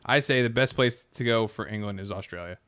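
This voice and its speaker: A man's voice: fairly low pitch, fairly quick, fairly bright tone, smooth, dry recording. A man making sarcastic, crude jokes in a casual chat. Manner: sarcastic, crude, mock accents.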